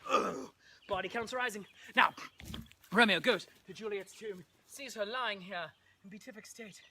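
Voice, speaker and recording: A man performing a comic retelling of a play, playful and animated, with asides and sound effects. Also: sits high, moderate pace, a little hiss or hum. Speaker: comedic Shakespeare performer. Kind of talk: comic storytelling with props.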